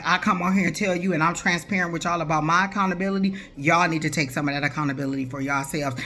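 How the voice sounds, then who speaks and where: A man's voice: on the high side, pushed and bright. A man, ranting bluntly to his viewers as a tarot reader, exasperated, preachy and swearing. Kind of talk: ranting to camera.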